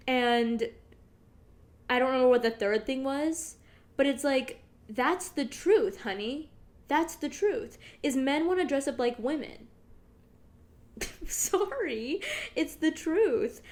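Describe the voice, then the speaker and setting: A woman's voice: high-pitched, lively intonation, slow pace, pauses often, a little mellow. Chatty, foul-mouthed young woman podcaster. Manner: chatty, rambling, swears freely, laughs often. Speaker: podcast host. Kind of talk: casual solo podcast monologue.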